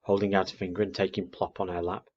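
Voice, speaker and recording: A man reading a children's book aloud in an expressive way. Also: sits low, fast talker. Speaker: storyteller. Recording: dull muffled recording.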